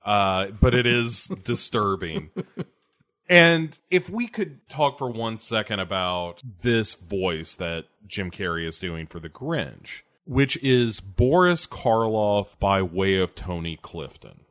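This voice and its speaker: A man's voice: on the low side, animated, slow, a bit bright. A man co-hosting a casual film review podcast, crude and laughing through his rants.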